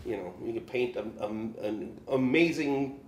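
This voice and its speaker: A man's voice: mid-range voice, measured pace, a little mellow, a little hiss or hum. A man, a musician guest, telling a gig story in a loose, rambling way, with lots of "you know" and laughs. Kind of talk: casual storytelling. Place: room in Kansas City. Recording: echoey room.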